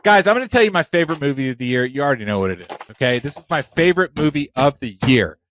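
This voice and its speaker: A man co-hosting a podcast in casual chat, animated and swearing, quick to play defensive. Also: mid-range voice, a little hiss or hum. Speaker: podcast co-host.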